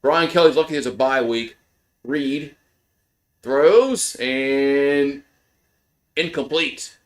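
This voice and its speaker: A man hosting live fan play-by-play commentary, excitable and profane, swinging from grumbling asides to shouted calls on big plays. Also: medium pitch.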